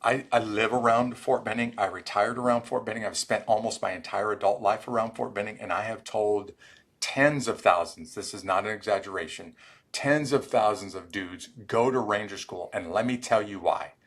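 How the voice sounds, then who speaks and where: Husky middle-aged man telling war stories. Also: lowish voice, moderate pace. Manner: animated storyteller acting out quoted dialogue. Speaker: guest, former Army Ranger. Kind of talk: storytelling in a podcast interview.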